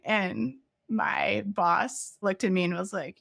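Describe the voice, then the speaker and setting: A woman's voice: mid-range voice, slow pace, creaky, hardly any pauses, fairly bright tone, dry recording. Middle-aged woman, candid interview guest, chatty storyteller, dry booth sound. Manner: chatty, frequent "like" fillers, laughs while recounting. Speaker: guest, former head of product.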